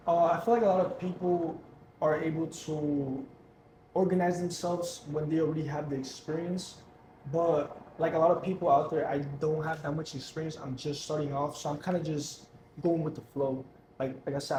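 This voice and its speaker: A man's voice: fairly high pitch, dark tone, reverberant, a little hiss or hum, rough recording. A young man, a guest entrepreneur, talking casually and earnestly about hustle and faith, repeating himself for emphasis. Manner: earnest, repetitive, slangy pep talk. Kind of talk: casual motivational talk.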